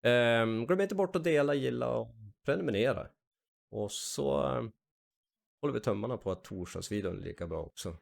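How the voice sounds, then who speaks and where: Swedish guy reacting to vids, gravelly voice, chatty, pitch all over the place. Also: expressive, fairly quick. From Sweden. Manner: chatty, reacting with short gasps and asides. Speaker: reaction video host. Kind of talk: casual reaction commentary.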